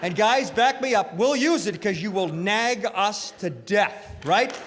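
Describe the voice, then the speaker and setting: Male stand-up comedian, high-pitched, very animated, self-mocking, long hall reverb. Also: unhurried. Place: live comedy venue. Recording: live stage with hall reverb, faint noise.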